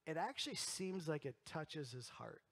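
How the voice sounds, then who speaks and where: A middle-aged man, a pastor, preaching a sermon in a church and telling stories, moving between loud emphasis and quiet, close moments. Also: a little high, big pitch swings, moderate pace, breathy edge. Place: church sanctuary.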